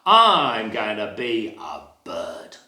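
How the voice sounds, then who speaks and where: A man's voice: fairly low pitch, wildly swooping pitch, very slow, pushed and bright, roomy sound, pitched below the performer's own voice, exaggerated voice. A man voicing a fussy, restless young bunny who complains about everything he tries. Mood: complaining. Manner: complaining, fretful.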